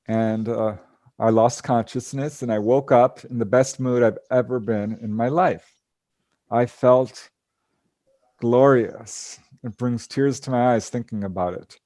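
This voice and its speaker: A man's voice: medium pitch, steady tone, unhurried, warm tone, no room sound, clean studio sound. A man telling stories of his out-of-body experiences to a group over a video call, earnest and laughing often. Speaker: guest speaker. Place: home.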